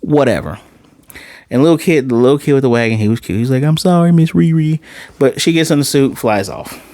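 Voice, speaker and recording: Animated slangy man recapping a show. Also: mid-range voice, quick pace, no room sound. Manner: animated retelling, acts out quoted lines, slangy and profane. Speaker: TV series reviewer. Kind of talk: casual episode recap and review.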